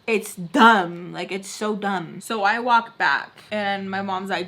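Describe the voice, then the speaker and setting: A woman's voice: mid-range voice, normal speed, few pauses, sharp tone. A young woman telling a personal story in casual vlog chat, heated and ranting, swearing freely and leaning on "like". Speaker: beauty vlogger telling a story.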